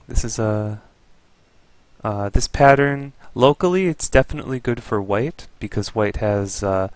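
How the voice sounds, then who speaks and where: Low-voiced man reviewing a Go game. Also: smooth, no room sound.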